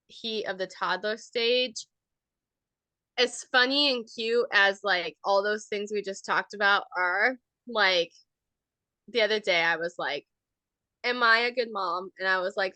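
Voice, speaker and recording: A woman's voice: mid-range voice, bright, forceful tone, dry recording. A young woman co-hosting a podcast, chatting casually and laughing often, with plenty of fillers. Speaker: podcast co-host. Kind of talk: casual chat.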